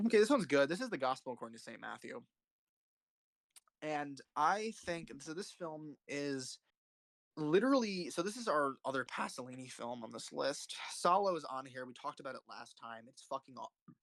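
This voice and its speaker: Young male host, fast and heated, raving and cursing over favorite films; dry, close recording. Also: mid-range voice, creaky, a bit bright, dry recording. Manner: rambling, passionate, swears often. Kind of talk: casual film commentary.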